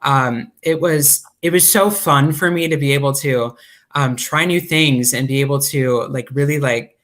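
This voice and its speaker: A man's voice: mid-range voice, moderate pace. A man, a cast member, earnestly recalling rehearsals in a casual group chat. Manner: earnest, quotes others in animated voices.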